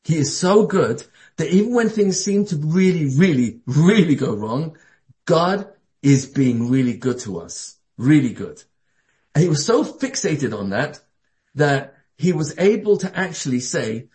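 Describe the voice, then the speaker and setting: A man teaching a sermon in an animated way, with frequent restarts as he builds his points. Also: a little high, measured pace. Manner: animated, acts out quoted voices, frequent restarts. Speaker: Torah teacher.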